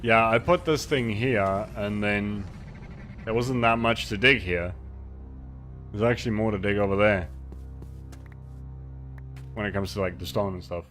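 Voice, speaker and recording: A man's voice: on the low side, fairly even intonation, unhurried, long pauses, fairly bright tone, soft background music. A man streaming a game, chatting casually, rambling and mocking himself while reading chat aloud into a desk microphone.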